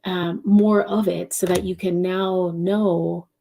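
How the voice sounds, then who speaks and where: A woman giving an intuitive live-stream reading, speaking softly and directly to viewers, wandering between thoughts. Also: on the low side, flat delivery, slow pace, creaky, hardly any pauses, a little hiss or hum. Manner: reads out viewer questions. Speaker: intuitive reader and channeler.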